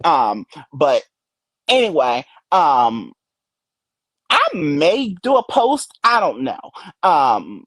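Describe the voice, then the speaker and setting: A woman streamer giving gossip commentary, ranting and cursing heavily and laughing loudly at her own stories. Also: low-pitched, sing-song, very slow, long pauses, no room sound. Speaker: live streamer.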